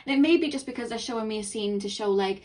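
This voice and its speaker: A young woman giving a chatty tarot reading, rambling and excitable, talking quickly. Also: on the high side, distant mic. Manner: excitable, rambling, talks fast. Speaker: tarot reader. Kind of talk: chatty intuitive card reading.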